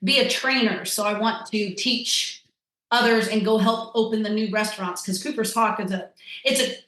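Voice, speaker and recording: A woman's voice: mid-range voice, steady tone, moderate pace, a bit bright. A woman chatting casually as a podcast guest, rambling with lots of fillers. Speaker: guest, tasting-room wine server. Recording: echoey room.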